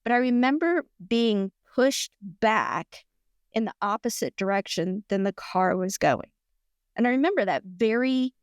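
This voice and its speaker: A middle-aged woman speaks as a podcast guest, recounting her story in a lively, chatty way and tripping over fillers and restarts as she goes. Her voice sits in an ordinary middle range. The sound is close and dry, with no room around it. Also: mid-range voice, no room sound. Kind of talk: casual storytelling in conversation.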